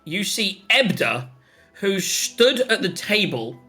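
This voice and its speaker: A game master with a bright voice narrating a tabletop game. the delivery is very lively, bouncing around in pitch, often laughing and breaking into shouts and hummed tunes. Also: takes it slowly, soft background music. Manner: animated, laughing, acts out shouts and hums.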